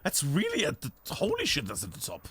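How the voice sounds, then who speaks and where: A man's voice: a little high, wildly swooping pitch, a little fast, bright, forceful tone, slightly rough. A man streaming a game live, chatting and thinking aloud as he looks around a map, often breaking off mid-sentence.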